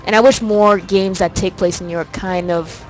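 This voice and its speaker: A woman's voice: on the low side, steady tone, moderate pace, soft background music. A young woman doing casual, rambling commentary over gameplay, often restarting her sentences. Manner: chatty, rambling, full of fillers. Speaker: let's play host.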